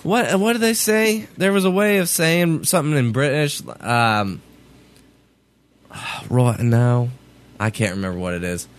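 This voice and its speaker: A man's voice: a little high, moderate pace, few pauses. A man from Kansas co-hosting a podcast in casual, laid-back, dry chat. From Kansas, USA. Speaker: podcast co-host.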